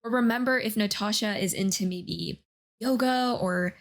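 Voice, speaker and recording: Woman, co-host, casual reaction chat, measured, speculative, hedging, mid pitch.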